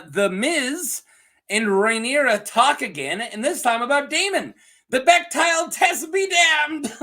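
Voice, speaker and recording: A man chatting casually on his own as a show reviewer, laughing often and slipping into quick, goofy character voices. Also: high-pitched, pushed and bright. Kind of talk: casual solo review chat.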